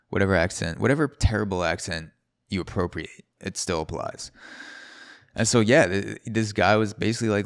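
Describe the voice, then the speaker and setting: A man with a very low voice hosts a solo podcast, rambling through a story, restarting his sentences and swearing freely. His voice sounds close and dry, with no room echo. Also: moderate pace. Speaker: podcast host. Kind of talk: casual solo podcast monologue.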